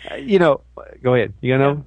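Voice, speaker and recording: A man co-hosting a casual talk show, ranting in an animated way and mocking people with put-on voices. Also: mid-range voice, a little fast, no room sound, muffled recording. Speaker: co-host. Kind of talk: casual chat show banter.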